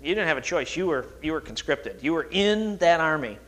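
Middle-aged male pastor, sermon delivery, lively swinging pitch, slightly high voice, self-deprecating asides. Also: a little fast.

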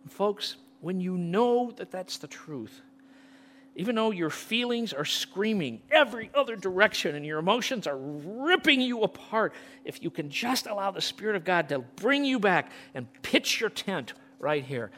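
Middle-aged man preaching with passion, loud peaks down to near-whispers, fairly high pitch. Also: big pitch swings, normal speed, slight background noise. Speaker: pastor. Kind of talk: sermon.

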